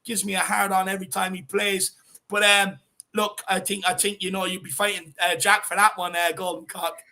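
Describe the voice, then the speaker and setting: An Irish man hosts a casual live fan show, reading viewer comments and giving shout-outs. His voice sits high with a gravelly edge. The tone is bright and forward. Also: flat delivery, fairly quick. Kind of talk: casual live-stream chat.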